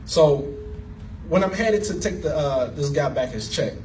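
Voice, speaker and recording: A man giving an animated, emotional personal story as a speaker at an event, laughing as he talks. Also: a little high, measured pace, distant mic, slight background noise. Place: event hall.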